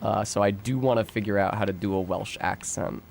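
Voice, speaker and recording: A man's voice: lowish voice, fairly even intonation, fairly quick, creaky, a little mellow, slight background noise. Profane, rambling American streamer guy. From United States. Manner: rambling, profane, chatty, answers chat while playing. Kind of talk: casual gameplay stream chat.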